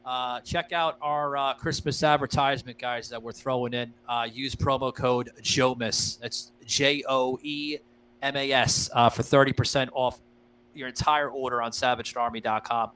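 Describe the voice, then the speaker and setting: A man hosting a podcast, chatting casually into a studio mic. His voice sits at an ordinary middle pitch, and he rambles loosely with lots of fillers and the odd swear word, speaking straight to his audience. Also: steady tone, normal speed, fairly bright tone, smooth, poor audio. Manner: loose and profane, many fillers, addresses listeners as guys. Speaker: podcast host.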